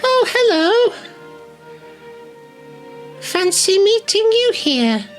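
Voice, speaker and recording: A squeaky newborn soot sprite. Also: female voice, sing-song, very slow, faint music behind, heavily acted. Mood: friendly. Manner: sweet, bewildered, polite. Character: tiny newborn soot sprite, innocent and polite.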